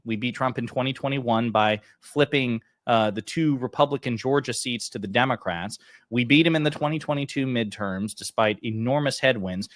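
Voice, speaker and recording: A man's voice: medium pitch, fairly bright tone, no room sound, clean studio sound. Emphatic man making a political point. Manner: emphatic, profane, rallying. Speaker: podcast guest. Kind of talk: political commentary chat.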